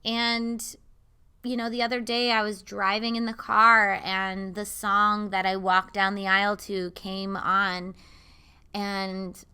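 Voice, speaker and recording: A woman's voice: medium pitch, level tone, takes it slowly, sharp tone, clean tone. A young woman, a mother, talking earnestly and candidly to camera in a personal vlog. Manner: earnest and confiding. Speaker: mother and vlogger.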